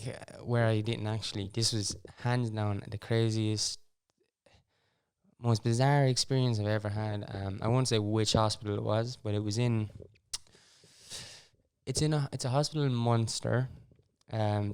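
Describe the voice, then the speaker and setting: A young Irish man with a lowish, smooth and resonant voice chats casually as a podcast host. He rambles through his stories, keeps breaking off to restart, and drops in wry little asides. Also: fairly even intonation, measured pace. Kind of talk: casual storytelling chat.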